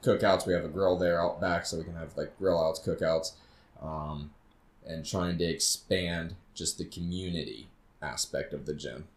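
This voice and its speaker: A man, a fitness trainer co-hosting a podcast, talking in a rambling, laid-back way that drifts quiet. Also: deep voice, fairly even intonation, normal speed, reverberant. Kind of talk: casual chat.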